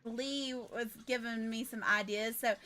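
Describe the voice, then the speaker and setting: A woman's voice: mid-range voice, moderate pace, bright, forceful tone. A woman chatting casually and rambling on a gaming livestream. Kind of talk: casual gaming stream chat.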